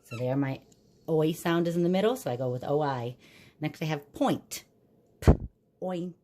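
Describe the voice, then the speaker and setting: Teacher for young kids: low, warm woman who sounds out each word patiently. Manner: patient, sounds words out slowly. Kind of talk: recorded phonics lesson for young children.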